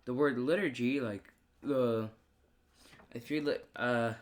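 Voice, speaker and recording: A man's voice: mid-range voice, slow pace. A young man reading a text aloud on a podcast, hesitating and unsure how to pronounce some words. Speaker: podcast co-host.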